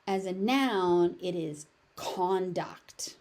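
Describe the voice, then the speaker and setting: A woman's voice: medium pitch, expressive, slow, warm tone. A woman with a General American accent teaching pronunciation, saying each word several times and explaining the sounds. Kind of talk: pronunciation lesson with repeated words.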